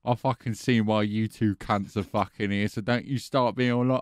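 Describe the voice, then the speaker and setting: A man's voice: on the low side, fairly even intonation, normal speed, dry recording, studio quality. A man hosting a comedy courtroom sketch as a judge, ranting in a foul-mouthed, aggressive way. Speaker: host playing a judge.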